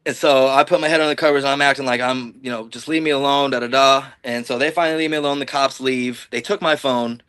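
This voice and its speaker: A man's voice: medium pitch, steady tone, fast talker, few pauses, fairly bright tone, clear, resonant tone, no room sound. A man from the Illinois-Iowa border telling a long personal story in casual, rambling, profane talk, acting out what people said. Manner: rambling, profane, acts out quoted dialogue. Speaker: podcast guest.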